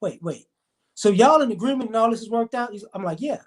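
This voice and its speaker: A man's voice: very high-pitched, lively intonation. A man ranting as he tells a story, swearing often and acting out the dialogue of the people in it. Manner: profane, heated, fast retelling with quoted dialogue. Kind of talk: storytelling rant to camera.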